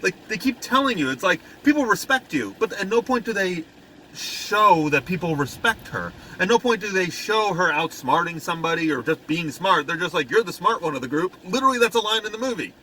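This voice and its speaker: A man with a high, bright, cutting voice co-hosts a casual podcast, sounding exasperated as he mocks a film and acts out its scenes in quick put-on voices. A faint hiss of noise sits under the recording. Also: big pitch swings, rough recording. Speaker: podcast co-host. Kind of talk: casual movie review chat.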